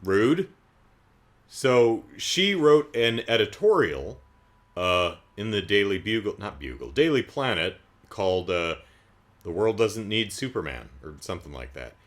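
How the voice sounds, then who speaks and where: A man's voice: fairly low pitch, sing-song, unhurried. A man giving a casual, comedic movie recap in a sarcastic, incredulous way, rambling with asides. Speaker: movie reviewer.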